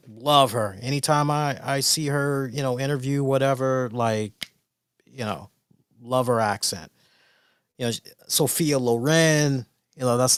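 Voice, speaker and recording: A man of middle pitch talks through a wrestling show review in a loose, rambling way, circling back and restarting his sentences with plenty of fillers. The sound is dry and close, with no room around it. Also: no echo. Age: older adult. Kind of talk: casual solo review.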